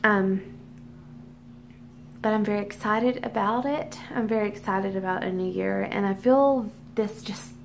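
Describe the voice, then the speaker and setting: A woman's voice: mid-range voice, unhurried, gravelly, slight background noise. A middle-aged woman teacher talking candidly at home in a casual vlog, chatty with frequent ums. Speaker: teacher and vlogger. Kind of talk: casual personal vlog chat.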